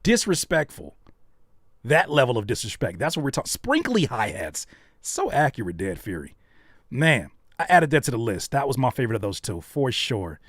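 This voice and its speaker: A man hosting a live stream where he reacts to beats, talking in a loose, playful way with teasing jokes and quick asides. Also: mid-range voice, very animated, fairly bright tone, no echo, clean studio sound. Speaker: host reacting to viewer beats.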